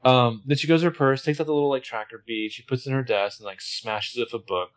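A man's voice: mid-range voice, quick pace. A man co-hosting a casual chat, laid-back and jokey, with plenty of fillers. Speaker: podcast co-host.

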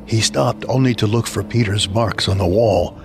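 A man's voice: lowish voice, normal speed, background noise. Man reading a horror tale dramatically. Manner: dramatic storytelling, reading a first-person letter. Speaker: narrator. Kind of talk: scripted horror narration.

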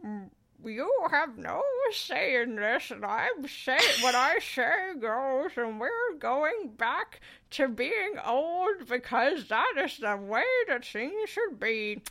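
A woman's voice: sits high, very animated, slow pace, gravelly, sharp tone, slight background noise, pitched above the performer's own voice, heavily acted, low-quality recording. A woman voicing a domineering old male doctor, laying down the law in a podcast impression. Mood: bossy.

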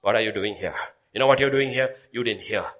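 A man preaching a sermon, swinging from loud declaiming to hushed whispers. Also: on the low side, fast talker, highs cut off.

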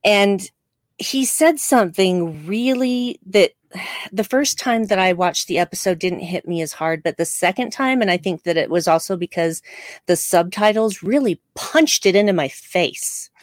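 A woman's voice: medium pitch, measured pace, no echo. Impassioned woman on a dry mic. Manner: impassioned, emphatic. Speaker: podcast co-host. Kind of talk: casual chat.

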